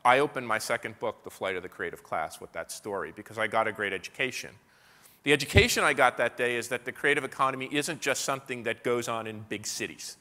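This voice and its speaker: Bright-voiced American man in a hall. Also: mid-range voice, lively intonation, quick pace. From United States. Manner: anecdotal, with frequent restarts and repeated words. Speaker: keynote speaker. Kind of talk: storytelling lecture to a live audience. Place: large hall at an evening business event. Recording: live talk with long hall reverb.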